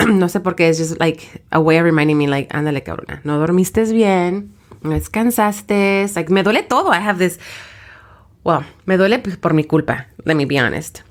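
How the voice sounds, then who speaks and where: A woman with a Mexican-American accent, co-hosting a podcast, telling stories in slangy English mixed with Spanish, tired and lower-voiced than usual. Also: brisk. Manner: slangy, animated storyteller. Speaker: podcast co-host. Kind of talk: casual chat mixing English and Spanish.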